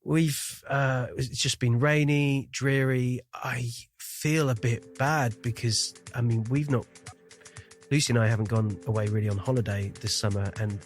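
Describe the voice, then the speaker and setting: A man who grew up in the Shetland Islands and speaks with a faded, neutral accent, hosting a podcast in casual chat, self-deprecating and quick to laugh. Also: medium pitch, little pitch movement, faint music behind. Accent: neutral, faded Scottish. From Shetland Islands, Scotland. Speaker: podcast host.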